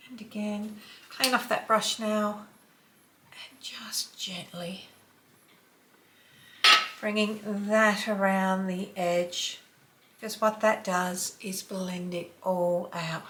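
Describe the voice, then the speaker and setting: An Australian woman in her fifties chatting through a makeup tutorial, sometimes dropping to a soft whisper while she blends. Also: mid-range voice, level tone, takes it slowly, background noise. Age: 50s. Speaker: beauty vlogger.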